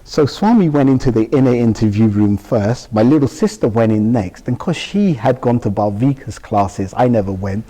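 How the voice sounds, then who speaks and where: A man's voice: medium pitch, animated, normal speed, few pauses, mellow, big-room sound. A man, a guest in an interview, recounting a personal experience and acting out the dialogue as he goes. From United Kingdom. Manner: vivid retelling that acts out dialogue. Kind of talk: emotional personal storytelling.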